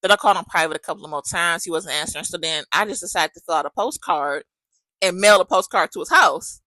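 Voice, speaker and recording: Animated woman retelling gossip. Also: fairly low pitch, fairly quick, dry recording, poor audio. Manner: animated gossip, acting out both sides of a conversation. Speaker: podcast host. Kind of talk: casual storytelling chat.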